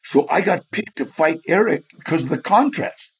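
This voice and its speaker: A man's voice: a little high, lively intonation, moderate pace, husky. A man, a guest in an interview, telling stories animatedly, acting out the people he quotes and laughing often. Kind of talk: storytelling in a chat interview.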